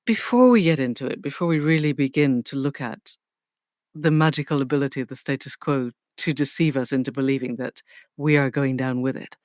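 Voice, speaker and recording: A woman's voice: rumbling low, a little fast, a little mellow, dry recording, studio quality. A woman hosting a podcast, introducing her guest and asking questions with effusive enthusiasm. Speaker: podcast host.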